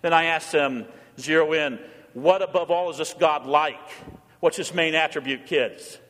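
A man's voice: fairly high pitch, unhurried, fairly bright tone, in a large hall. A male pastor preaching a sermon in a church, building his points through repeated rhetorical questions and leading the congregation in call-and-response.

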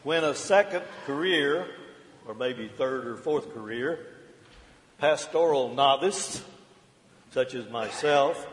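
A middle-aged man preaching a sermon as pastor, in a measured and earnest cadence. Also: mid-range voice. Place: large church sanctuary. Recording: long church reverb.

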